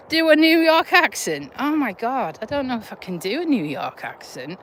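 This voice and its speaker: A chatty woman with a broad Yorkshire-Lincolnshire accent, talking in an unhurried drawl into a handheld phone. Her voice sits a little high. She is out walking, with faint outdoor ambience behind her. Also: sing-song, a bit bright, a little hiss or hum. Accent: Yorkshire-Lincolnshire English. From Lincolnshire, England. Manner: chatty, laughing, broad and blunt. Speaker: vlogger, nurse. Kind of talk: casual live chat while walking a dog. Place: outdoors on a country walk.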